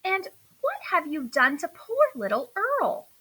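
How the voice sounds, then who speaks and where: An exasperated mother from a children's story, scolding in a bright, high voice, as a woman reads her part. Her tone is stern but caring, with lively rises and falls. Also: a little slow, exaggerated voice, rough recording.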